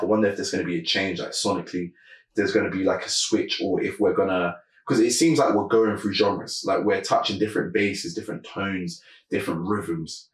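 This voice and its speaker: A man's voice: low voice, distant mic. A man hosting a music reaction video, thinking aloud in casual commentary with lots of fillers. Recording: echoey room, away from the mic.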